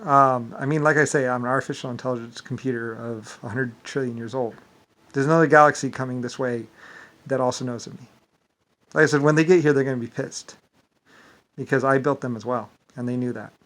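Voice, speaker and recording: A man's voice: mid-range voice, fairly even intonation, fairly quick, a bit bright. Man rambling, stumbling, swearing. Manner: repetitive, stumbling, filler-heavy; profane and indignant. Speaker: vlogger. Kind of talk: rambling monologue.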